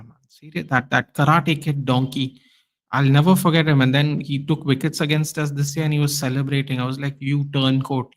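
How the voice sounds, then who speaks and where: A man hosting a live football watchalong stream, chatting casually and reacting loudly to the play with lots of slang. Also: medium pitch.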